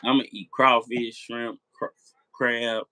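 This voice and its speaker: Against a noisy background, a man hosting a late-night live chat speaks slowly in a level, medium-pitched voice. He rambles, repeats himself and swears while talking directly to his viewers.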